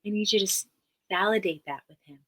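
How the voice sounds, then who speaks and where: A woman's voice: mid-range voice, fast. A woman therapist as a podcast guest, speaking earnestly and emphatically in a teaching manner and repeating key phrases.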